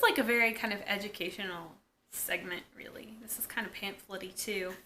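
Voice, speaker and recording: A woman's voice: mid-range voice, sharp tone, slight background noise. A woman casually recapping a TV episode, retelling scenes through quoted lines with wry asides. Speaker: episode reviewer.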